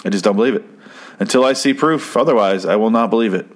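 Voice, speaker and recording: A young man from Arizona chatting casually, rambling and profane, with deadpan jokes. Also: on the low side, fast talker. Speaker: podcast host reviewing an episode. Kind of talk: casual chat.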